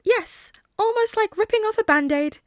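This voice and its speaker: A woman's voice: very high voice, lively intonation, normal speed, no echo, clean studio sound, pitched above the performer's own voice. A woman doing a chirpy polite little animal principal. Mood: genial. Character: small polite white rodent principal, male.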